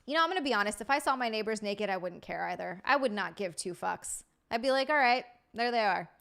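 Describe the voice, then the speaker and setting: A young adult woman hosting a casual chat show, chatty and quick to laugh as she reads out viewer messages. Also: mid-range voice, expressive, vocal fry, fairly bright tone. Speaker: host.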